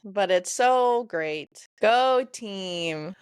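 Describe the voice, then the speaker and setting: A woman's voice: medium pitch, extremely slow, clean tone, no echo, clean studio sound. A woman co-hosting a casual book podcast, reading passages and making sarcastic asides. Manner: animated, sarcastic and swearing. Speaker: podcast co-host. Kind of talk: casual book-club chat and read-aloud.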